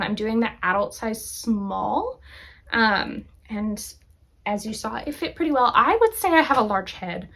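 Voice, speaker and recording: A woman's voice: on the high side, fairly bright tone. A woman hosting a knitting podcast, chatting casually and enthusiastically as she shows her projects, laughing often. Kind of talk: casual show-and-tell chat.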